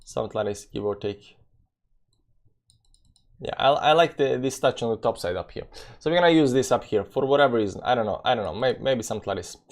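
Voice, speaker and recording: A man's voice: mid-range voice, fairly quick. A man live-streaming, casually greeting his chat and talking through a price chart, with loose, rambling non-native English phrasing and lots of fillers. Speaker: crypto trading live-streamer.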